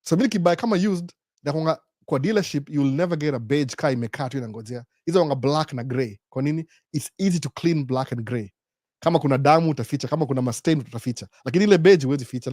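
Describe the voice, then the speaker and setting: This is a middle-aged Kenyan man with a Kenyan accent, hosting a relaxed live Q&A stream. He talks at a brisk clip in a mellow, dark voice, recorded dry and close. He rambles from one story to the next, putting on the voices of the people he quotes. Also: mid-range voice, no echo. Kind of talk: casual live-stream chat mixing Swahili, Sheng and English.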